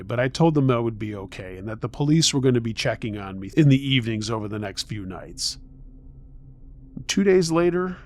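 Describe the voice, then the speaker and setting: A man with a mid-range voice reads a first-person scary story aloud. His delivery is measured and tense throughout. He draws the listener in the way a campfire storyteller would. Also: mid-range voice. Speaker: horror story narrator.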